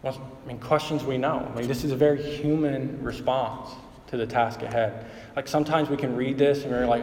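A man's voice: mid-range voice, steady tone, brisk, a little mellow, a little hiss or hum. Male pastor, chatty sermon delivery, recorded from afar in a reverberant hall. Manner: conversational preaching, many fillers like "like" and "right?". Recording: echoey hall, mic at a distance.

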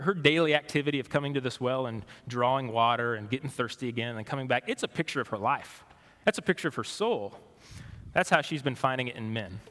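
A man of middle pitch preaches a sermon as a pastor, talking to the congregation in a conversational way and asking them questions. He swings between animated passages and hushed, gentle ones. His voice carries a long reverb from a church sanctuary.

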